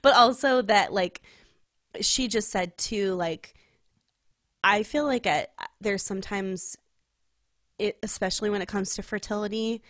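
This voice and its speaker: A young woman from California, co-hosting a podcast and telling a personal story in casual, heartfelt chat, full of "like" and quick laughs. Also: mid-range voice, no echo, studio quality. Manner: chatty storytelling, heavy use of "like", laughs often. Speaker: podcast co-host.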